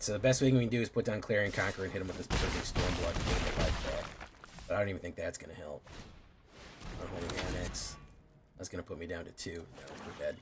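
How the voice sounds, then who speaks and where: A young man streaming a card game, muttering play-by-play and swearing when frustrated. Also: low voice. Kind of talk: live gameplay commentary. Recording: noisy room ambience behind.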